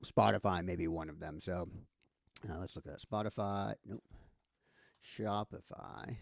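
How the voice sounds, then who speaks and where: A man's voice: deep voice, normal speed, gravelly, darkish tone, dry recording, clean studio sound. A man giving a casual screen-share tutorial, thinking aloud with many fillers and restarts. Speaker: instructor.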